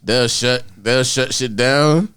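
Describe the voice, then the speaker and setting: A man's voice: medium pitch, slow pace, a loud crowd. A man in a casual podcast chat who trades laid-back, slangy banter. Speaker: podcast guest.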